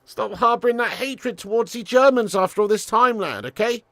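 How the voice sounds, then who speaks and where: A man's voice: extremely high pitch, normal speed, a bit bright, no room sound, voice pushed up. A man putting on a cheerful, stereotyped German man with a mock German accent, drawn out and sing-song. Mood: mock jolly.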